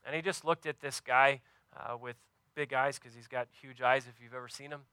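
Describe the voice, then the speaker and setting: A preacher with a bright, crisp voice, earnestly telling a story to his congregation and often pausing over fillers. His delivery is sincere and plain, recorded dry and close. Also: medium pitch, steady tone, no echo. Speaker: pastor. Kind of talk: sermon.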